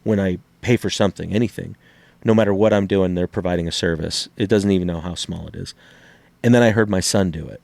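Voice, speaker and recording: A middle-aged man with a fairly low voice tells stories in a loose, casual podcast chat. He acts out what other people said and swears freely. The sound is close and dry, with no room around him. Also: quick pace, gravelly, no echo. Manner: animated storyteller, acts out quotes, swears freely. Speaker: podcast co-host.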